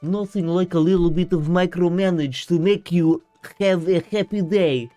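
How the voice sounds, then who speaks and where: A man doing a slow, theatrical impression of a male dictator with a mock Russian accent. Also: high-pitched, warm tone, faint music behind, lightly acted. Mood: hammy. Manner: slow, drawn-out, theatrical delivery.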